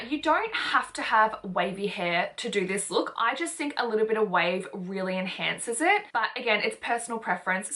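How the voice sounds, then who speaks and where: A woman's voice: mid-range voice, sharp tone. A young woman chatting through a beauty tutorial, bubbly and emphatic, with lots of repeated words for stress. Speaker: beauty vlogger. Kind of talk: casual makeup tutorial talk.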